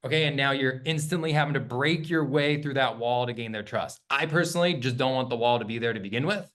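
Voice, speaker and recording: A man coaching agents in a sales workshop, his voice sitting at an ordinary middle pitch. He talks conversationally and often pauses to check in with a quick "okay?" before moving on. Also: fairly bright tone. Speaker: real estate sales trainer.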